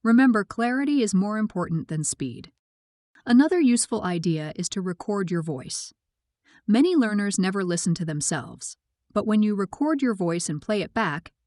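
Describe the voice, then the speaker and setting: A woman narrating a scripted English pronunciation lesson, speaking slowly with clear, careful articulation. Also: mid-range voice, animated, darkish tone, no room sound, clean studio sound. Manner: slow, clear, carefully articulated teaching delivery.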